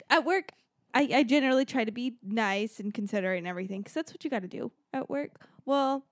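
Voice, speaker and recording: A woman's voice: on the high side, brisk, dry recording. A woman co-hosting a podcast, telling a story casually with lots of fillers and laughs. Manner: chatty storytelling with frequent "like" and laughs. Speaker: podcast co-host.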